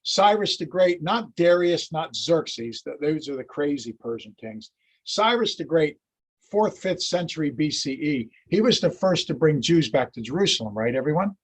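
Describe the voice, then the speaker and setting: A man giving a history lecture, telling the story with lively acted-out quotes. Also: on the high side, normal speed, slightly rough.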